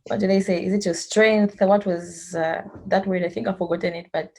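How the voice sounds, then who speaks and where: A woman's voice: on the low side, fairly even intonation, brisk, mellow. A woman coordinator asking questions in a casual Q&A, rambling and searching for words. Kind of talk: casual Q&A interviewing.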